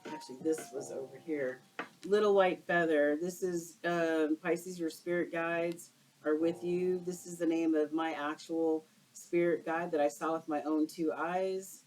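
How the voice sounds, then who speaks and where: A woman's voice: low-pitched, fairly even intonation, a little slow, a little mellow, soft background music, poor audio. A woman doing a casual tarot card reading for her viewers, exclaiming and using slang as she turns the cards. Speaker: tarot reader.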